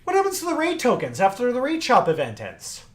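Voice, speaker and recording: A man from Canada co-hosting a casual game livestream, upbeat and chatty and quick to laugh. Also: extremely high pitch, wildly swooping pitch. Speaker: livestream co-host.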